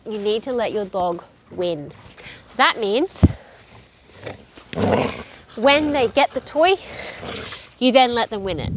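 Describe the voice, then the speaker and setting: A woman dog trainer, out of breath, coaching viewers in a direct, brisk way with frequent check-ins. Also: high voice, a bit bright. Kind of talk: instructional video.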